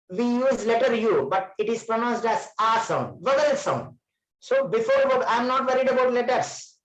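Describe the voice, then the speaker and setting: A man's voice: very high-pitched, fairly bright tone. Indian man teaching in an echoey classroom. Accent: Indian English. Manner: explains patiently, repeats key words. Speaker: English trainer. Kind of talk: classroom lecture.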